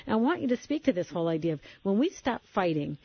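Husky woman hosting on a dull recording. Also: medium pitch, big pitch swings, fast, no room sound. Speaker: host. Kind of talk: faith conversation interview.

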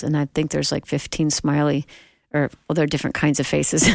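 A woman's voice: deep voice, completely flat delivery, a little fast, gravelly, no echo, clean studio sound. A woman co-hosting a radio health talk show, reading listener questions and adding encouraging personal asides in a chatty way.

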